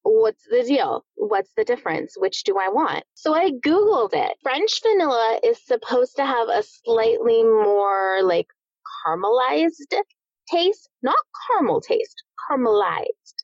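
A woman's voice: a little high, big pitch swings, unhurried, few pauses, darkish tone, no echo, dull audio. A woman co-hosting a podcast in casual chat, making dry joking asides. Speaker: podcast co-host.

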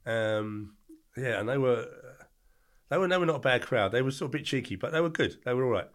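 A brisk, animated older man at medium pitch shares casual stories as a podcast guest. He's blunt and rambling and often halts to correct himself.

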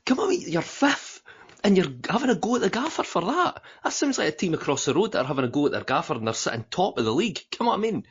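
A Scottish man co-hosting a football podcast, talking in a casual, animated way with sudden swearing outbursts. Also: high voice, fast talker, slightly rough. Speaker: podcast co-host. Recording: dull lo-fi podcast audio.

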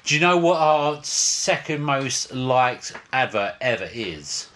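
A man in his thirties co-hosting a podcast, chatting casually, sweary and excitable, quick to laugh. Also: medium pitch, a little hiss or hum. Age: 30s. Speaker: podcast co-host. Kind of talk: casual banter.

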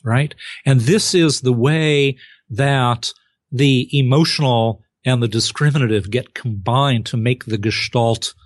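A man answering as a guest expert in an interview, explaining clearly and acting out short examples with exclamations. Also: medium pitch, measured pace, no room sound, clean studio sound. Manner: lively, acts out examples with exclamations.

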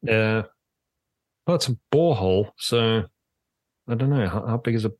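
Casting: male podcast co-host, lowish voice, dry close sound, halting delivery. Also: a little mellow, dry recording. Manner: hesitant, lots of ums and restarts. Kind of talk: casual chat.

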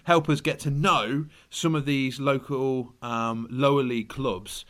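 A man's voice: mid-range voice, fairly even intonation, a little slow, fairly bright tone. A man co-hosting a casual football podcast, talking in a rambling, hesitant way with many restarts. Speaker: podcast co-host.

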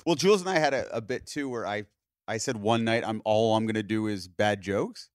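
A man's voice: on the low side, fairly quick, no echo, clean studio sound. A man from Canada co-hosting a podcast, telling loose anecdotes in casual chat with many fillers. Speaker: podcast co-host.

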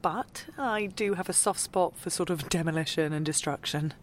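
A woman's voice: on the low side, moderate pace, close to an everyday voice. An actress playing a dry, teasing female football club staffer in a comedic audio drama.

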